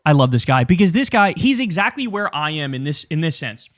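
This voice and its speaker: A man's voice: fairly high pitch, sing-song, brisk, a bit bright, no room sound, clean studio sound. A man hosting a political commentary show, ranting in a fiery, profane and sarcastic way.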